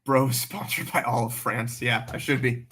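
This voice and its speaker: Male livestream host, bright forceful tone, blunt and animated, swears freely, casual off-the-cuff chat. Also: mid-range voice, normal speed, husky.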